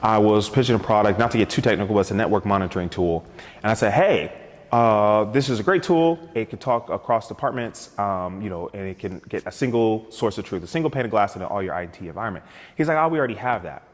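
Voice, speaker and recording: A fairly low-pitched man talks fast as a guest sales coach on a talk show, telling energetic stories and acting out both sides of sales conversations. His voice trails off into a long reverb tail.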